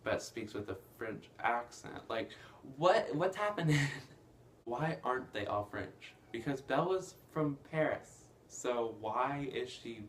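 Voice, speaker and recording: Rambling male movie reviewer, casual, excited bursts. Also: medium pitch, a little slow, slight background noise. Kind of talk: casual plot recap.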